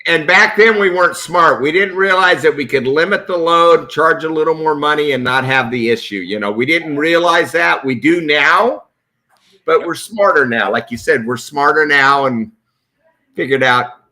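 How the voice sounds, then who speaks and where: Man, middle-aged, bright voice, halting casual chat. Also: fairly high pitch. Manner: halting, restarts often. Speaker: sportfishing captain.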